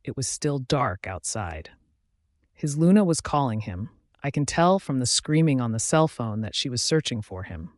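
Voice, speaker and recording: A man reading a romance audiobook aloud in a steady, even first-person narration. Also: medium pitch, moderate pace, no echo, clean studio sound.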